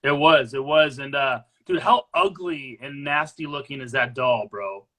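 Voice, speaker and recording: A man co-hosting a casual movie discussion, retelling the plot in a relaxed way and laughing easily. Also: mid-range voice, unhurried. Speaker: co-host.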